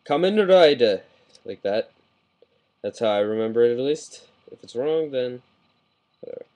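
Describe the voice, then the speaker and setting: A man talking through a model kit review in a casual, rambling way, getting excited and often correcting himself mid-sentence, recorded on a webcam mic. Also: mid-range voice, normal speed, smooth, poor audio.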